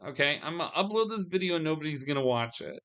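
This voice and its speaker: A man's voice: on the high side, expressive, fast, a bit bright, smooth. A man venting to his audience in a solo video, weary and frustrated, often restarting his sentences. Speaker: vlogger.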